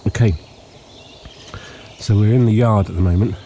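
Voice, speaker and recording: Mellow-voiced man with hay fever. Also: on the low side. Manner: relaxed, unhurried, frequent ums and pauses. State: sniffly with hay fever, clearing throat. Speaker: homestead vlogger. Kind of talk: casual walking tour narration. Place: outdoors in a countryside yard at dawn. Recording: faint outdoor noise with birds. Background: birdsong and insects.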